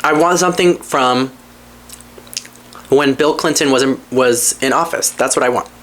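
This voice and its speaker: A podcast host in casual storytelling chat, candid and full of swearing. The talk rambles through asides and restarts, dipping into low grumbles and springing up into excited highs. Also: normal speed. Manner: animated, jumps between low mutters and excited highs.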